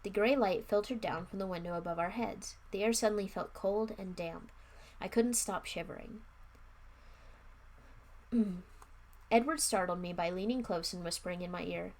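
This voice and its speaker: A woman's voice: medium pitch, normal speed, long pauses, a little mellow. A young woman streaming a live book reading, narrating and breaking off for wry, offhand comments. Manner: wry, offhand, chatty asides.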